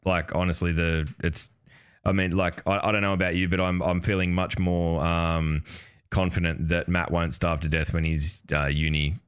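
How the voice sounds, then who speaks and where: A man's voice: deep voice, little pitch movement, moderate pace, clear, resonant tone. A man hosting a casual chat show, rambling and swearing with frequent laughter. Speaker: podcast host.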